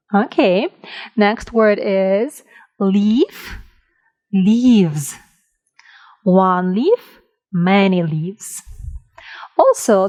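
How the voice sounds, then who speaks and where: Slow, careful woman teaching grammar. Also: medium pitch, darkish tone, low-quality recording. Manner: slow, careful, drawn-out example words; checks in with listeners by asking "right?". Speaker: English teacher. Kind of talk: grammar lesson for learners.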